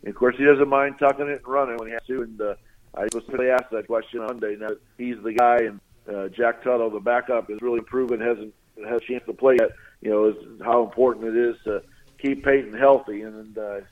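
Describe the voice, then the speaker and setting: A man phoning in to a radio show, his voice squeezed thin by a tinny phone line. He rambles through his analysis, full of "uh" and "you know" and restarted sentences, at an ordinary middle pitch. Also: fairly even intonation, quick pace. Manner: rambling, many fillers and restarts. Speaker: guest sportswriter.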